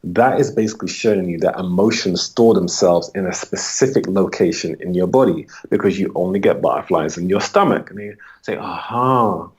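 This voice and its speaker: With a husky voice, moderate pace and few pauses, a UK man who coaches holistically takes interview questions. He dramatizes his sessions with clients, his pitch rising for their lines.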